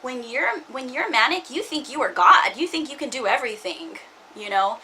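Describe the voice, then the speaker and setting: A woman's voice: high-pitched, animated, normal speed, bright, forceful tone, a little hiss or hum, poor audio. A woman in her forties talks through her frustrations in a casual vlog, in loose run-on asides, and reads scripture now and then. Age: 40s. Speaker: vlogger.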